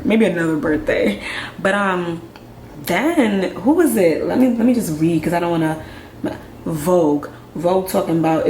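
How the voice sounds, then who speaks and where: A young woman from Nigeria, talking frankly to camera in a conversational way, full of quick asides and rhetorical questions. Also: fairly low pitch, slight background noise. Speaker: vlogger. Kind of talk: candid commentary to camera. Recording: echoey room with faint ambience.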